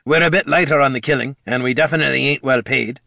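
A man's voice: medium pitch, quick pace, vocal fry, pushed and bright, no room sound, studio quality, voice pushed up. A man voicing a blunt, folksy veteran adventurer who worries about his party. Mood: earnest.

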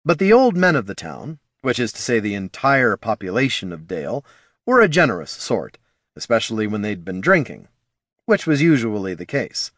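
A man narrating a fantasy story in a wry, expressive reading. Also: lowish voice, normal speed, no echo, clean studio sound.

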